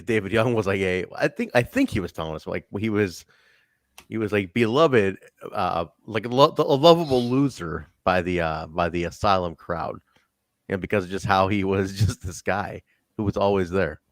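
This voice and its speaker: A man hosting a casual podcast chat, animated and laughing often. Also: deep voice, normal speed, dry recording, clean studio sound. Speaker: podcast host.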